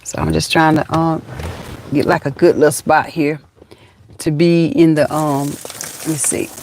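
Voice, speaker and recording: A woman's voice: low voice, flat delivery, a little slow, darkish tone, a little hiss or hum. A middle-aged woman with a Southern accent, hosting a casual live chat from her parked car, folksy and chatty, calling viewers honey and child. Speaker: livestream host.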